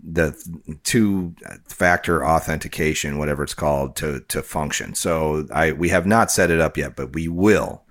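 A man's voice: very deep voice, normal speed, fairly bright tone. A man co-hosting a podcast, talking casually and rambling with frequent restarts and fillers. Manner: rambling, self-correcting, lots of fillers. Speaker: podcast co-host.

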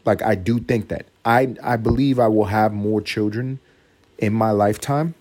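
A young man hosting a solo comedic podcast, rambling and profane, now and then jumping into shrill mock voices. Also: moderate pace, darkish tone. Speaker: podcast host.

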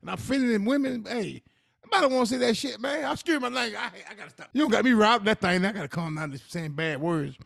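A man's voice: sits high, expressive, quick pace, creaky, a bit bright, no room sound, studio quality. A man co-hosting a podcast, brash and blunt, laughing and swearing freely in casual banter. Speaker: podcast co-host.

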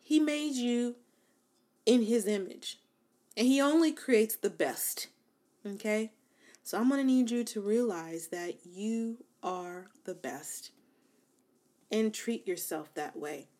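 A woman's voice: fairly high pitch, slow pace, long pauses, mellow. Young woman vlogging self-love tips, chatty, lots of "like", gets emphatic and repeats herself to drive it home. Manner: conversational, many fillers like "like" and "you know". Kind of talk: casual motivational talk to camera.

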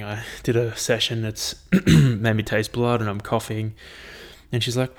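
A man's voice: medium pitch, steady tone, a little fast. A young man casually recapping his training, rambling and swearing freely in an upbeat way. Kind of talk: casual chat.

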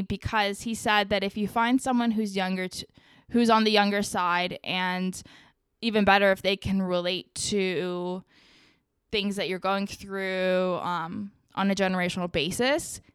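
A woman chatting casually on a podcast, telling stories in an animated way with lots of fillers. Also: medium pitch, clean tone, no echo, studio quality. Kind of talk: casual chat.

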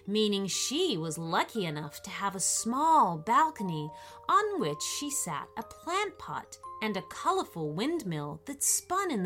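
A woman narrating a children's story in a gentle, expressive way. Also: mid-range voice.

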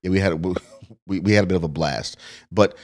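A man's voice: low voice, brisk. A middle-aged man hosting a podcast in casual chat, upbeat and laughing often. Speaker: podcast host.

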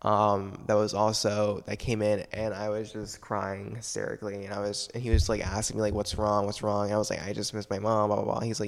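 Tired young guy rambling on, says like a lot, swears, lowish voice, echoey room. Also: fairly even intonation, quick pace, hardly any pauses. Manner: rambling, heavy use of "like", frequent swearing. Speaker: solo podcaster. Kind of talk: casual personal monologue.

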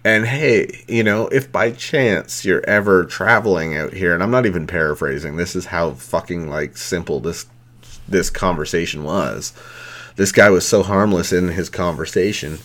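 Deep voiced guy ranting on his podcast, swears nonstop, mad and mocking. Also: normal speed, fairly bright tone. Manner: angry, heavy swearing, mocking quotes. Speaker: podcast host. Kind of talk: profane rant.

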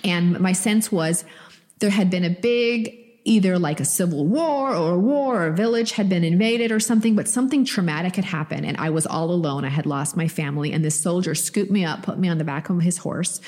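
A middle-aged woman with a somewhat low voice talks casually as a podcast co-host. She tells her story with animated, expressive energy. Her voice carries a long reverb from the room. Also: fairly quick.

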